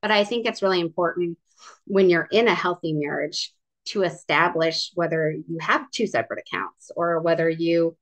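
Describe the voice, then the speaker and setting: A young woman telling her own story as a guest in an interview, earnest and full of fillers and restarts. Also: low-pitched. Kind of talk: casual interview, personal story. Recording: dull lo-fi sound.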